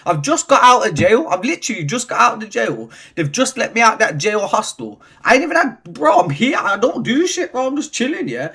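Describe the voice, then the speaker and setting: Male vlogger, bright forceful tone, sweeping pitch, slangy storytelling. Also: fairly quick, hardly any pauses, husky. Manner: animated, slangy, swears often. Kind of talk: casual storytelling.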